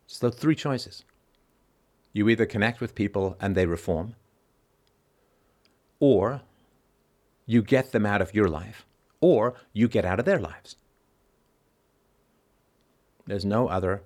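Deep-voiced man hosting a call-in show. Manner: emphatic, repeats key lines for stress; briefly acts out other people's reactions in mocking voices. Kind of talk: philosophical monologue to a caller.

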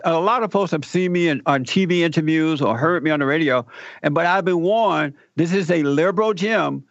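Telling a personal story as an interview guest, an older radio talk show host acts out the dialogue as an animated storyteller. His voice is a little high, and the recording is dry, with the highs cut off.

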